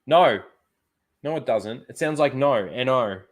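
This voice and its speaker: Swearing man, lively pitch. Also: normal speed. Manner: swears freely, mock-wails in jokes. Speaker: streamer host. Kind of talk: casual live-stream commentary.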